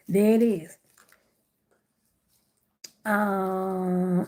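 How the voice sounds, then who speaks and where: A woman's voice: medium pitch, moderate pace, vocal fry, a little mellow, husky. A middle-aged woman chatting casually on a live stream, greeting viewers by name while she works on gift baskets indoors.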